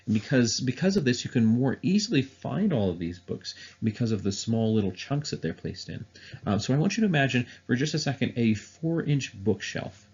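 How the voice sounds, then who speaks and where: A man's voice: medium pitch, big pitch swings, fairly quick, a little mellow, breathy edge, lo-fi sound. A man teaching music theory in a recorded online lesson, explaining step by step with frequent "uh" and "um" fillers.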